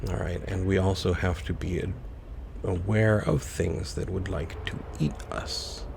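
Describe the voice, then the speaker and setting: A man's voice: deep voice, fairly even intonation, a little slow, creaky, background noise. A man casually commenting on his own gameplay, musing aloud to himself as he plays. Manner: musing, talks to himself while playing. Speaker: let's play host.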